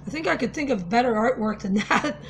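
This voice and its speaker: A woman's voice: on the high side, lively intonation, brisk, slight background noise. A woman talking casually to camera in a vlog, telling a story in a conversational, earnest way. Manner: conversational, with fillers and restarts, earnest. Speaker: vlogger.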